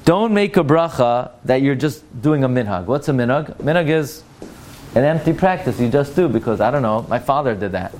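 A man's voice: medium pitch, lively intonation, moderate pace, darkish tone, slight background noise. A man teaching a classroom lesson on Jewish law. He talks emphatically, repeats Hebrew words to correct their pronunciation and asks rhetorical questions. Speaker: Torah teacher.

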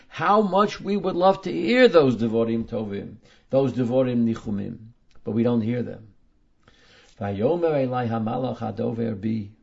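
A man teaching a class, reading passages aloud and explaining them, slowing down to stress key words. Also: medium pitch, gravelly, darkish tone, muffled recording. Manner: emphatic, slows down to stress words. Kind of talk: text study lecture.

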